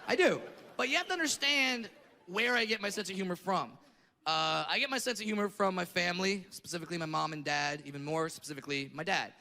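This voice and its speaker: A brash male stand-up comedian with a high, gravelly voice works a big theater on a handheld mic. He swings between profane storytelling and shouted rants. His voice rings through a long hall reverb over a loud, laughing crowd. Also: fast, slight background noise. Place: large theater stage.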